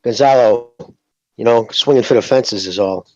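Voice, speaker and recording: Brief: male co-host, mid-pitched, muffled lo-fi line, hedges a lot and keeps asking "you know what I mean". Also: normal speed, dark tone, no echo. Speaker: podcast co-host. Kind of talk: casual boxing chat. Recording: dull lo-fi audio.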